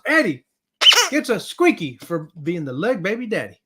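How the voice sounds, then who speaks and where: A man's voice: high-pitched, very animated, normal speed, background noise. A man hosting a casual livestream, upbeat and greeting viewers in the chat. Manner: upbeat, hypes up viewers, says y'all. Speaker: livestream host.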